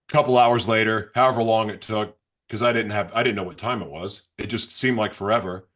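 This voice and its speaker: A man telling his personal story as an interview guest, halting and restarting, sometimes reliving his past outbursts. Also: fairly low pitch, fairly even intonation, a bit bright. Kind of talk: emotional personal testimony.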